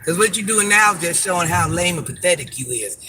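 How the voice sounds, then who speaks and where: A woman's voice: lowish voice, expressive, fast, music in the background. An older woman, a social media personality, scolding commenters in a sassy, confrontational live rant, repeating her insults for emphasis.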